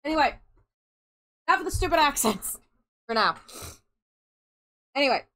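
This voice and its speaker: A woman's voice: high voice, expressive, moderate pace, long pauses, bright, forceful tone. A woman chatting casually on a game stream, goofy and rambling, swearing as she goes. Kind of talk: casual live-stream chat.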